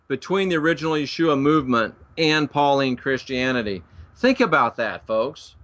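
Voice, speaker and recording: Male Bible teacher, preachy and emphatic, folksy asides, bright, forceful voice. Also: fairly high pitch. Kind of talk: preaching-style lecture to viewers.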